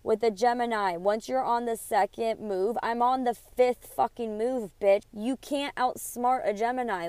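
A woman's voice: medium pitch, smooth, dry recording. A woman in her thirties hosting a podcast, telling a personal story in a heated, rambling way and swearing often. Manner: profane, indignant, rambling. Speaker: podcast host.

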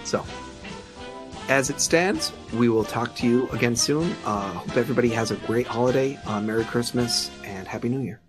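A man's voice: medium pitch, normal speed, over music. A man hosting a podcast in casual chat, his voice grainy as it recovers, rambling with many fillers. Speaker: podcast host.

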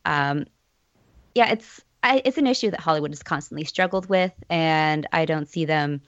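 A woman's voice: deep voice, moderate pace, no echo, highs cut off. A woman taking part in a casual podcast discussion, speaking thoughtfully with some fillers.

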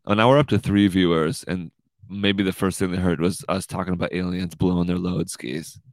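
A man's voice: low-pitched, steady tone, moderate pace, a little mellow, no room sound. A man hosting a casual livestream podcast, rambling and swearing, saying "dude" a lot. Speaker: podcast host.

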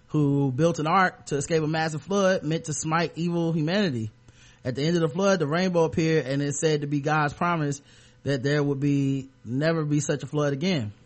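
A man hosts a loose comedy podcast, joking and sarcastic as he rambles. His voice sits on the higher side. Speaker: podcast host. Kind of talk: casual comedic podcast chat.

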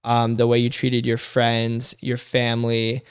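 A man's voice: mid-range voice, completely flat delivery, unhurried, clear, resonant tone, no echo, studio quality. A young man in his twenties co-hosting a couple's podcast, speaking earnestly in a rambling, casual way. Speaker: podcast co-host.

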